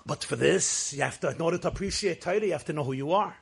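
A man's voice: fairly high pitch, fast talker, creaky, husky. A man giving a Torah class, emphatic at times and telling stories with Yiddish and Hebrew phrases. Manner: emphatic, rises to shouts for stress. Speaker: Torah teacher.

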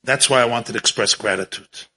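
A man telling a story in an animated way, chuckling often and sprinkling in Yiddish and Hebrew terms. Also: mid-range voice, brisk, slightly rough. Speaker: religious storyteller. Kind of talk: storytelling talk.

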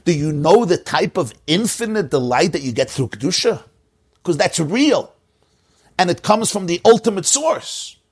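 His voice rough and husky, the man leads a Torah lesson, shifting between a low storytelling register and sharp, high emphatic moments.

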